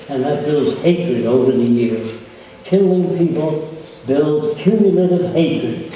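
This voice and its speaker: A man's voice: medium pitch, mellow, slight background noise. A man giving a public lecture, blunt and provocative, often quizzing the audience with questions. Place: large lecture hall. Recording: echoey hall from far off.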